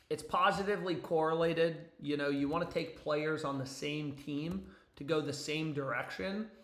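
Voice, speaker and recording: A young man chats on a live stream from his basement, his voice a bit higher than most men's. He rambles, swears freely and jumps between topics with rising excitement. The room gives his voice an echo. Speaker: sports betting streamer. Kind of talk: casual live-stream chat. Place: home basement.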